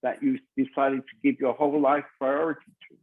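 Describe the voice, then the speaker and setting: A man's voice: medium pitch, flat delivery, fairly quick. A man, a spiritual teacher, speaking bluntly and insistently in an online group meeting and hammering his points home. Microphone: video call. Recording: tinny video call audio.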